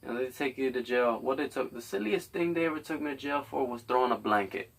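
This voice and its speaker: A man's voice: medium pitch, animated, quick pace, gravelly, recorded from a distance. A man hosting a podcast, delivering a rambling, blunt, profane comedic monologue. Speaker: podcast host.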